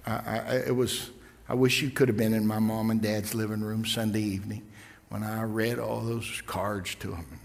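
A middle-aged man preaching, telling a personal story in a halting, emotional way with many repeated words. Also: on the low side, little pitch movement, vocal fry. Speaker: pastor. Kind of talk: sermon storytelling. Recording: long reverb of a large hall.

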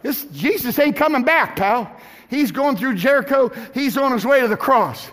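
A man preaching a sermon as pastor, swinging from shouted climaxes to hushed drops. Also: extremely high pitch, animated, normal speed. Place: church sanctuary. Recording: echoey hall with music and congregation.

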